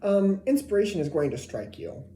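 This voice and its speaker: A woman's voice: medium pitch, very animated, a little fast, mellow. A woman giving a casual tarot reading to a zodiac sign, chatty and repeating herself, sometimes dropping to a whisper. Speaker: tarot reader. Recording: echoey room with faint noise.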